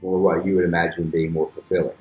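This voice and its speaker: A man's voice: low voice, flat delivery, quick pace, a little mellow. A man interviewing a young woman in a friendly, rambling way with many fillers. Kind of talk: casual interview. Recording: roomy echo with faint music.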